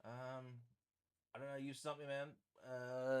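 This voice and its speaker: A man's voice: medium pitch, steady tone, a little fast, clear, resonant tone. A man hosting a live stream, chatting in a rambling, self-deprecating way while he paints.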